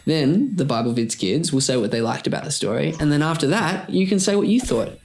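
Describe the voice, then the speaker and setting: A man's voice: fairly high pitch, expressive, brisk, gravelly, darkish tone. Friendly Australian man co-hosting a kids' show. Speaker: children's show co-host.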